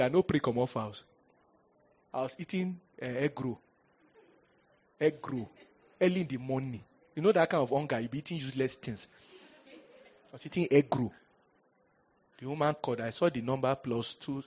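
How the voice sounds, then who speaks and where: A male pastor with a Nigerian accent preaching a storytelling sermon. He is animated and humorous, slips into pidgin and bursts out loudly at times. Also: medium pitch, moderate pace, pauses often, husky, muffled recording. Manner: animated, humorous, breaks into pidgin, sudden loud outbursts.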